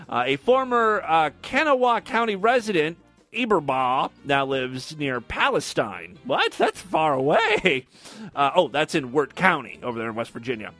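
Sarcastic male podcast host, high and animated, riffing on weird news. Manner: sarcastic, mocking asides while reading news. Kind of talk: comedic news commentary.

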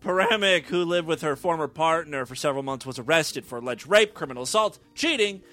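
Man, news-reading host, irreverent, jokey, stumbling over words, highish voice. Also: animated, brisk, sharp tone.

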